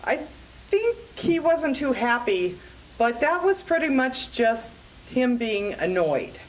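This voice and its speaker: A woman voicing a patient father who calmly explains things to his daughter. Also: fairly high pitch, slow, a little hiss or hum, poor audio. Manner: calm, explaining.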